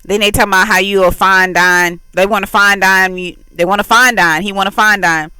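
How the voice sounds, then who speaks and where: A woman giving casual commentary on song lyrics, her voice bright and clean and set against a dry, close sound. She talks loosely with lots of fillers and slips into playful voices for the lines she quotes. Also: mid-range voice, a little fast, smooth, dry recording, low-quality recording. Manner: animated, acts out quoted lines in exaggerated voices; loose, repetitive "like" filled delivery. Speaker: faith channel host.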